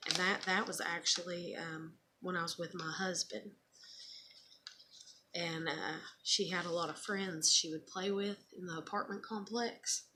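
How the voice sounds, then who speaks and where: Mom vlogging, kinda low voice, rambly and blunt, curses a bit, says "you know" a ton. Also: female voice, steady tone, unhurried, sharp tone, slight background noise. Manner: rambling, frank, heavy use of "you know" and "like"; swears when frustrated. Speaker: mother sharing keepsakes on video. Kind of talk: casual personal vlog.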